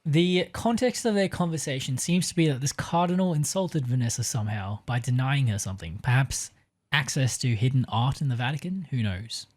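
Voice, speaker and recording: Hesitant man pitching a story. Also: lively intonation, fairly quick, a little mellow. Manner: hesitant, many fillers, laughs easily. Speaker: podcast co-host pitching a story. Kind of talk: casual chat and story pitch narration.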